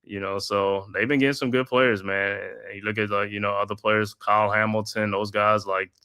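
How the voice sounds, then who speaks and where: A man hosting a live watch-party stream, calling the game play by play in a steady flow with casual slang asides. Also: fairly low pitch, fairly quick, clean tone. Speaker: host.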